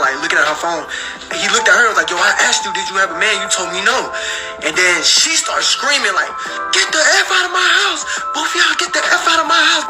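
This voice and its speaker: A man casually telling a personal story in slangy speech and acting out the dialogue. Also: fairly high pitch. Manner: slangy, animated, acts out the dialogue.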